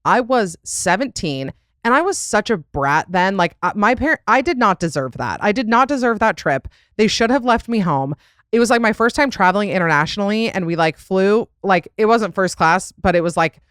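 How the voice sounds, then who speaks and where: A woman's voice: on the low side, dry recording. Young woman podcast host rambling casually, lots of likes and laughs, dry mic. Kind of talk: casual chat.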